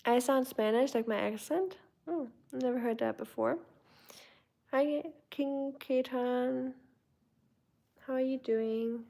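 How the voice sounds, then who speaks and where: A woman's voice: high-pitched, slow, creaky, long pauses. A young German woman with a German accent, casually chatting on her livestream and answering viewer comments. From Germany, Baden-Württemberg. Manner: chatty, warm greetings to viewers, many fillers. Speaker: livestream host. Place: home.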